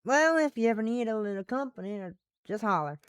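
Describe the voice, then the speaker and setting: A woman's voice: a little high, animated, fast, smooth, no room sound, voice pushed up, natural voice. A woman voicing a friendly, chatty adult Southern woman in a visual novel, with a put-on Southern accent and a folksy, neighbourly manner.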